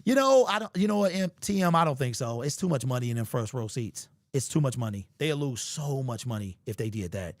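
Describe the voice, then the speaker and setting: A man's voice: medium pitch, animated, brisk, few pauses, no room sound. Man, sports commentary host, hyperbolic joking, dry close sound, slangy chatter.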